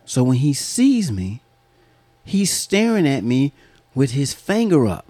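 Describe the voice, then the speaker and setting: A man spins a story on a podcast in a loose, swearing style, breaking into laughter as he goes. His pitch swings widely from line to line. The sound is dry and close. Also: slow, no echo. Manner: animated, profane, laughing often. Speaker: podcast host. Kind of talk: casual storytelling chat.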